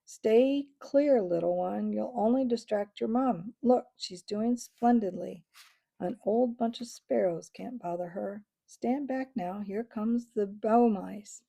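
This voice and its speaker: A steady, motherly badger, as a woman puts her on, soothing a little one with a firm, reasoning voice. The tone is mellow, husky and gravelly. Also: medium pitch, slow pace. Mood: reassuring. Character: calm, motherly female badger.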